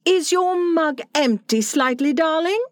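A man's voice: extremely high pitch, animated, measured pace, dry recording, clean studio sound, voice pushed up. A man voicing a prim, motherly young girl who fusses over the other children, in a storybook reading. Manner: prim, scolding, fussy. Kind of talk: storybook read-aloud.

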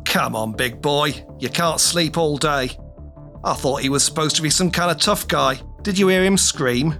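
Casting: a man playing a sneering London heavy, bright sharp voice, higher pitched. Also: normal speed, creaky, faint music behind. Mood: taunting. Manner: taunting, jeering. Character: mocking male thug captor in a suit. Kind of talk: audiobook character voice.

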